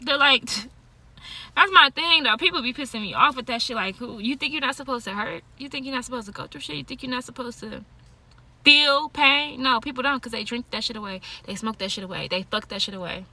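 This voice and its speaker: Blunt, bright-voiced woman vlogger. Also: a little high, brisk, no room sound. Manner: blunt, profane, laughs often. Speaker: tarot card reader and yoga teacher. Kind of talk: casual monologue to camera.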